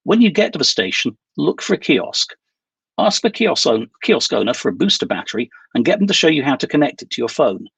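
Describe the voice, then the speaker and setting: A man reading a novel aloud voices a calm, businesslike female handler giving instructions by phone. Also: fairly high pitch, fairly quick, creaky, slightly rough, no room sound, full character voice. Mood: brisk.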